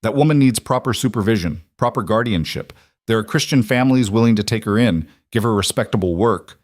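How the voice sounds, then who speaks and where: A self-righteous town elder in a frontier audiobook, preachy and accusing, lecturing to be heard by a crowd, as a man reads him. The voice sits low and dry, close to the mic. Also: fairly quick, dry recording, natural voice. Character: loud self-righteous older male town leader.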